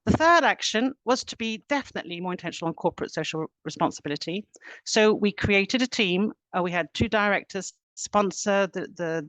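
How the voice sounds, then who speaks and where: A middle-aged woman, an HR director, giving a webinar presentation in an earnest, steady way, laying out points step by step. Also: lowish voice, no room sound. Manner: earnest, steady explaining, lists actions step by step.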